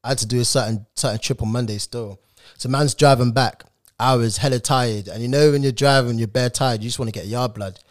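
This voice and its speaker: A man's voice: medium pitch, fairly even intonation, a little fast. A young man telling a story in casual chat, full of slang and tag questions. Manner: slangy, repeats "innit" as a tag. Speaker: podcast co-host.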